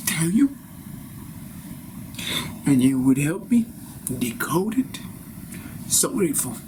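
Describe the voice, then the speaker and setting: A man's voice: fairly high pitch, noisy background. A man playing a grandiose self-proclaimed ascended spiritual master in a solo improv, talking in a lofty, pompous way that drifts into whispers, recorded inside a vehicle. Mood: pleading. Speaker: improv performer.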